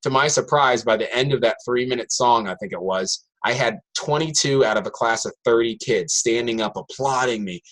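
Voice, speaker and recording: A man, a high school math teacher, telling a classroom story to an audience and acting out his students' voices. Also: moderate pace, hardly any pauses. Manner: animated, acts out students' voices in quotes.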